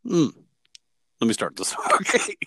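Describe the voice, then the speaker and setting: A man co-hosting a podcast in casual chat, playful and jokey, his voice swinging between loud and soft. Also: medium pitch, big pitch swings, measured pace, breathy edge, no room sound, clean studio sound. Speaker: podcast co-host.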